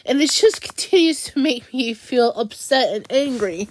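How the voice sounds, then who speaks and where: Young woman, upset vlog rant, high voice, halting delivery, dry close sound. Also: expressive, no echo. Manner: upset, halting, restarts sentences often. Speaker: vlogger. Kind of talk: venting monologue.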